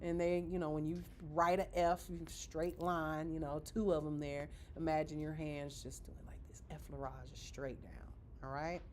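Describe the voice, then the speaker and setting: A nail school instructor leads a live beginner manicuring class, chatting casually and asking "okay?" after nearly every point as she demonstrates with her hands. Her voice is low and a little mellow, with a level tone, normal speed, and hardly any pauses. There's slight background noise.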